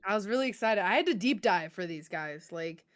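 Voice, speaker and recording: A woman's voice: mid-range voice, animated, fairly quick, dry recording. A woman co-hosting a podcast in casual chat, laughing often and swearing casually. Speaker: podcast co-host.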